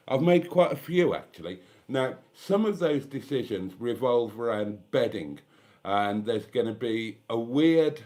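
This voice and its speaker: A man's voice: medium pitch, mellow. A man in his fifties from England, hosting a casual evening chat with his viewers over a glass of wine, camp and theatrical with cheeky asides. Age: 50s. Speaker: channel host.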